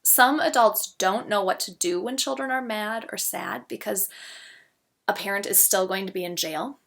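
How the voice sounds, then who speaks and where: Woman, gentle teacher of parents, slight gravelly edge, calm step-by-step talk. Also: medium pitch, moderate pace. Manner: gentle, explains step by step with spoken examples. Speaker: parenting educator. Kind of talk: instructional talk with example phrases.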